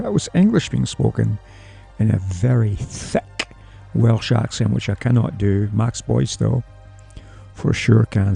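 Gravelly, dark-voiced man DJing over music. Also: lowish voice. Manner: chatty, jokey, talks to himself. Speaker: radio DJ. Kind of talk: casual radio back-announcing. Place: small radio studio. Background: music playing underneath.

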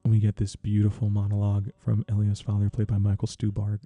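A man giving a casual, earnest spoken film review, sharing personal feelings with soft laughs. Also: fairly low pitch, monotone, fairly quick, dry recording, phone-quality sound.

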